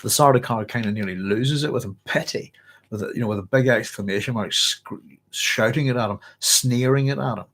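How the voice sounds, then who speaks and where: A hoarse man hosting a book club, chatting casually and reading passages aloud with rambling self-corrections. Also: medium pitch, brisk, a bit bright. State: hoarse, clearing his throat.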